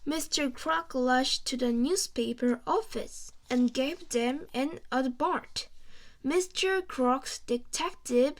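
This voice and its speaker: A woman reading a children's storybook aloud, slowly and carefully, with small stumbles. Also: sits high. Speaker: reader.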